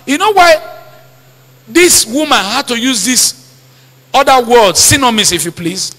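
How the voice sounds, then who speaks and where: Animated, bright-voiced preaching pastor. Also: male voice, very high voice, unhurried, long pauses, big-room sound. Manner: emphatic preaching, repeats lines and quizzes the congregation. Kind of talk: sermon. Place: church.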